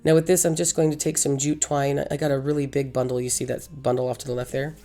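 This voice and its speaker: A woman with a hoarse, gravelly voice from losing it, chatting through a crafting tutorial as host, rambling and correcting herself. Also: extremely low pitch, level tone, quick pace, warm tone. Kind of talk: casual crafting tutorial voice-over.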